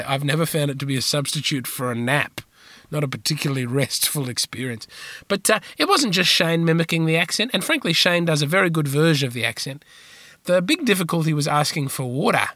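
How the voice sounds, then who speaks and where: A man hosting a podcast, answering listener questions in a dry, rambling, deadpan comic monologue. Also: fairly high pitch, a little hiss or hum. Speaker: podcast host.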